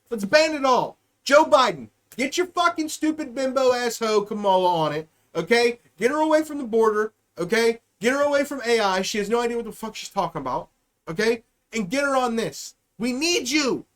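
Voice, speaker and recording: A young-adult podcast host ranting sarcastically and profanely on a live stream, swinging between loud outbursts and mutters. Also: mid-range voice, very animated, normal speed.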